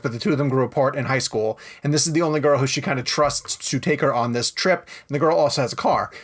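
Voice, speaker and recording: A man hosting a casual movie podcast, telling long rambling stories in an animated way. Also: on the high side. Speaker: podcast host.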